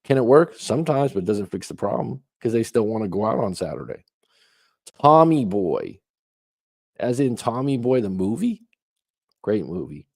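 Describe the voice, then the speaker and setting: A man's voice: on the low side, very animated, normal speed, gravelly, a little mellow, no echo, clean studio sound. A man giving relationship advice as a coach, talking emphatically with lots of rhetorical questions. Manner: emphatic, rhetorical questions, acts out quoted lines. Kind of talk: advice talk reacting to questions.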